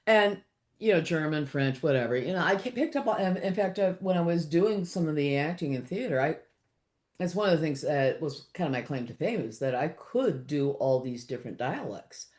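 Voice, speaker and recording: A woman in her sixties with a low-pitched voice, chatting about her writing as an interview guest. She is animated and laughs often, with plenty of fillers and half-finished thoughts. The tone is easy and conversational. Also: moderate pace. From Los Angeles. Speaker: author guest. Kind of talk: casual interview chat.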